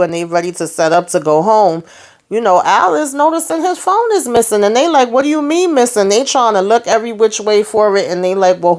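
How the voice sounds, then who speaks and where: A woman's voice: medium pitch, a little mellow. A young adult woman recapping a TV episode in a loose, slangy, casual monologue, acting out the characters' lines as she goes. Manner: chatty, acts out characters' lines in quotes; loose slangy phrasing with fillers. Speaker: TV episode reviewer.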